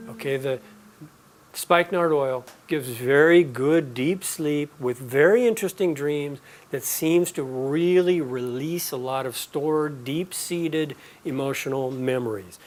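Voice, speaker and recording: A man teaching a live class, explaining and telling stories in a relaxed, conversational way. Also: on the high side, a little slow. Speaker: aromatherapy teacher.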